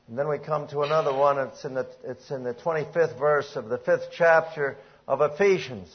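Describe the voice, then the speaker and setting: A husky-voiced man preaching, his tone pitched a little high as he quotes scripture and presses his point. He clears his throat now and then. The recording is dull and lo-fi. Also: normal speed, few pauses. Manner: preaching with rising emphasis, quoting scripture. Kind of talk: sermon.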